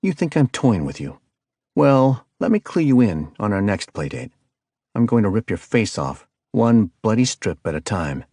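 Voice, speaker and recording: A man voicing a hardened male hitman who talks in a gruff, threatening way, in an audiobook. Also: deep voice, moderate pace, a little mellow, dry recording. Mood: furious. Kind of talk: audiobook character voice.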